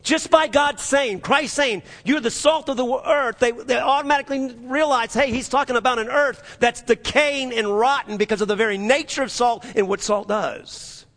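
A man's voice: very high-pitched, moderate pace, few pauses, a bit bright, big-room sound. A man preaching a sermon in a church, emphatic and repetitive, with frequent restarts. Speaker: pastor.

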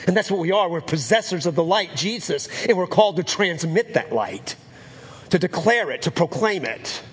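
A man's voice: sits high, animated, normal speed, slightly rough. A man preaching a sermon as pastor, earnest and repeating phrases for emphasis.

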